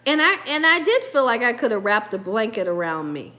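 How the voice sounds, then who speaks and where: A woman's voice: a little high, very animated, a little fast, sharp tone. A woman hosting a live cooking stream in a casual, chatty way, laughing often and reading viewer comments aloud. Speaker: cooking show host.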